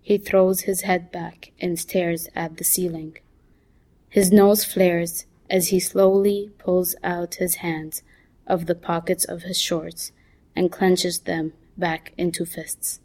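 A woman reads her own short story aloud in the first person. Her voice sits slightly low, and she takes a very slow, calm pace. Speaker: author reading her own stories. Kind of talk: story reading.

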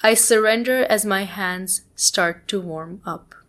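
A woman reading her own first-person story aloud in a plain, measured way. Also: medium pitch, fairly bright tone.

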